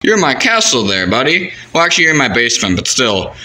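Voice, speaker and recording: A man's voice: medium pitch, very animated, fast, bright, forceful tone, a little hiss or hum, low-quality recording. A man voicing a goofy modern male puppet who lives in a castle, talking in a casual drawl. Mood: easygoing. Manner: casual, drawling "buddy" talk.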